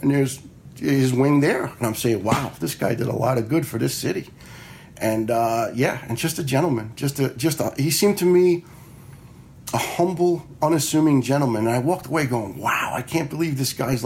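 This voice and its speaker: A man's voice: mid-range voice, gravelly, darkish tone, a little hiss or hum. A man, a retired fire lieutenant telling personal stories in a blunt, frank way, swearing freely and acting out the dialogue he quotes. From New York area. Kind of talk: casual personal storytelling.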